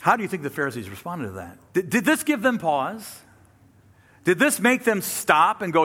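A man preaching a sermon, acting out the people he quotes with sudden drops to a hush and rises to a loud, higher pitch. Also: very animated, a little fast. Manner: acts out quoted speakers with dramatic pitch and volume swings. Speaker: pastor.

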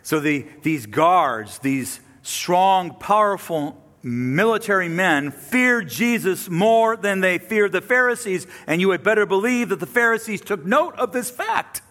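A man preaching a sermon, acting out the people he quotes with sudden drops to a hush and rises to a loud, higher pitch. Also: lively intonation, unhurried, hardly any pauses. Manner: acts out quoted speakers with dramatic pitch and volume swings. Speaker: pastor.

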